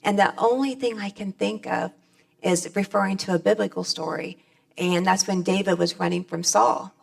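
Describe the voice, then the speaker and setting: A woman's voice: mid-range voice, fairly even intonation, normal speed, creaky. A middle-aged woman speaking on stage at a convention, giving a plainspoken, folksy personal testimony.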